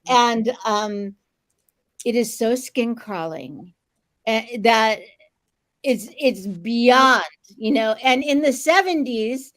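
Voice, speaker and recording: A woman in her fifties, co-hosting a casual panel chat and telling stories in an animated, exclamatory way. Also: fairly high pitch, slow. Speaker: podcast co-host.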